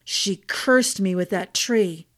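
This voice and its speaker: A woman reading aloud voices a bitter, manipulative prince, speaking slowly with a cold snarl. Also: mid-range voice, fairly bright tone, dry recording, studio quality.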